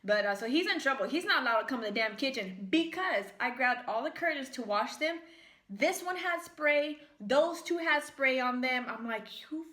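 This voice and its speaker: Bright-voiced chatty American woman. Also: high voice, lively intonation, moderate pace. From United States. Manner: chatty, rambling storytelling with frequent fillers. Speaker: vlogger. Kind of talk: casual mukbang chat while eating. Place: at home, in the kitchen. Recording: echoey room.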